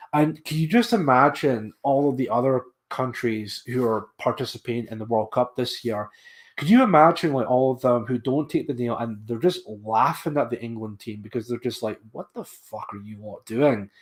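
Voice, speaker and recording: Man, livestream host, casual rambling commentary, repeats himself, scornful asides. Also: mid-range voice.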